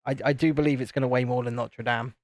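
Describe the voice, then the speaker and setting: A man's voice: mid-range voice, fairly even intonation, fast talker, no echo. A man chatting casually and rambling on a live stream while building Lego. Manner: chatty, rambling, self-interrupting.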